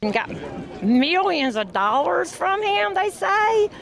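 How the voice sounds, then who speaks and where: A woman's voice: very high-pitched, very animated, slow pace. A woman answering questions in a street interview in an earnest, plain-spoken way. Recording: street interview with crowd noise.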